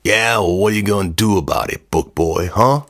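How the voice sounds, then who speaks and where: A man doing a gruff, taunting bully. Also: on the low side, moderate pace, a bit bright, dry recording, studio quality, voice pushed up.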